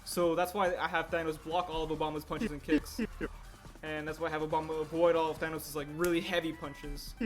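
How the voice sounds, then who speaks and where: A man streams his stop-motion animation work live, chatting casually while working and rambling, fixing himself mid-sentence. His voice is on the high side with a flat, brisk delivery, and faint music plays behind him.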